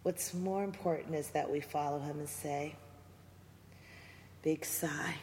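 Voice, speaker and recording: A woman guest in a conversational interview reflects on faith and music in a preacher-like way, quoting scripture. Her low, steady voice has a dark tone and moves at a moderate pace. The echoey room adds long reverb and faint ambience, plus a little hiss or hum.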